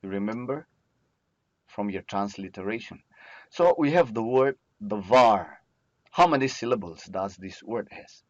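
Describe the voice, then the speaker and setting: Male teacher, slow and patient, dry close-miked lo-fi lecture recording. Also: on the low side, lively intonation, dry recording. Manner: slow, patient, asks and answers own questions.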